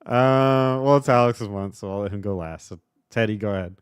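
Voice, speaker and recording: A man co-hosting a casual game podcast, relaxed and laughing easily. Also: on the low side, brisk, smooth, no room sound, clean studio sound. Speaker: podcast co-host.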